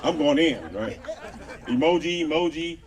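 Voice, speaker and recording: A man on stage doing stand-up outdoors, his fairly high voice swinging widely as he tells crude stories and acts out the people in them. He works the crowd directly. The sound is caught from a distance, with a loud audience laughing around him. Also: lively intonation, normal speed, background noise. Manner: crude storytelling with voiced quotes, crowd work. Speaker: stand-up comedian. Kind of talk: stand-up comedy set. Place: outdoor patio comedy show.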